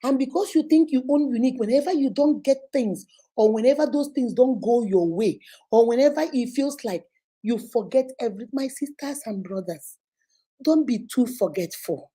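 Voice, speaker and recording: A woman's voice: a little high, expressive, moderate pace, warm tone, breathy edge. A Nigerian woman hosting a casual advice session, talking animatedly and laughing often as she acts out phone calls. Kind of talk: casual live advice chat.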